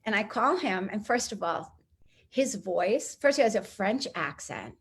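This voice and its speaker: A middle-aged woman telling a personal story as an interview guest, lively and acting out the people she quotes. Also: mid-range voice, a little slow, breathy edge. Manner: animated, acts out quoted voices.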